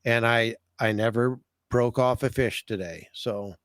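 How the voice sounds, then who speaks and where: A man's voice: mid-range voice, fairly even intonation, measured pace, fairly bright tone, no echo. Folksy, chatty man on a dry mic. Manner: folksy, enthusiastic, repeats words. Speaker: podcast host, fishing guide. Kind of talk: casual podcast chat.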